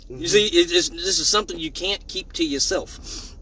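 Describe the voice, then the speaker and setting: A man's voice: high-pitched, moderate pace, bright, forceful tone, slight background noise, poor audio. A man hosting a crude comedic live stream at home, joking in a mock-serious preaching way. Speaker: live show host.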